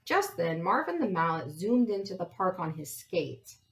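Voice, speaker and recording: A woman reading a picture book aloud to young listeners, expressive and adding friendly asides. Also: fairly low pitch, moderate pace. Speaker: storybook reader.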